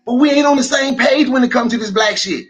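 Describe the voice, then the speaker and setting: A man, co-hosting a podcast livestream, arguing loudly and combatively and repeating his points. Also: extremely high pitch, quick pace, slightly rough, lo-fi sound. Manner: loud, combative, repeats himself. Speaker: podcast co-host. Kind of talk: heated livestream debate.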